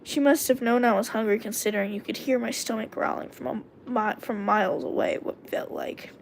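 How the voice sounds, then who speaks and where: A woman streamer reads her own story to viewers in a casual, self-correcting way. Her voice sits a little high with a gravelly fry. A faint hiss runs behind her. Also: steady tone, brisk. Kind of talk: reading her own story aloud on a livestream, chatting with viewers.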